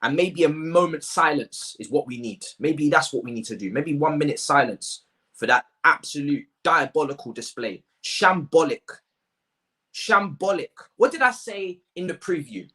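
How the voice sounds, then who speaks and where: A man's voice: a little high, lively intonation, normal speed, pushed and bright. An exasperated man rants his way through a football review. He hammers his points home by repeating himself and leans on street slang. He speaks close to the mic. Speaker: football fan channel host. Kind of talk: ranting match review to camera.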